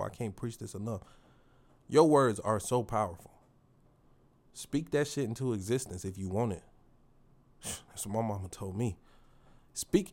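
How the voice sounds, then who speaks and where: A man's voice: medium pitch, darkish tone. A man hosting his own podcast, giving a motivational monologue in a preachy, slang-heavy way and repeating phrases for emphasis. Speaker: podcast host.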